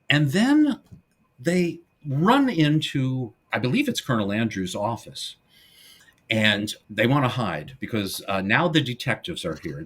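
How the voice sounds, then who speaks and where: Lively middle-aged man retelling film scenes. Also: lowish voice. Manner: animated storyteller, acts out the film's lines in character. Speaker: podcast co-host. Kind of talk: casual film discussion.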